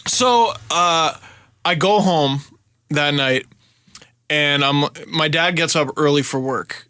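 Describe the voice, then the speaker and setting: A man in his thirties from Canada, a podcast host telling a story in a casual, animated way, swearing freely and shouting the lines he quotes. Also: a little high, slow, clear, resonant tone, no room sound.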